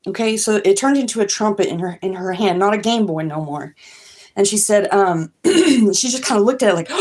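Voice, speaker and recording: Woman stream host, casual dream telling, halting and rambling. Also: medium pitch, darkish tone. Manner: rambling, halting, many fillers and restarts. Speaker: tarot reader and livestream host. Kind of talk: casual livestream dream retelling.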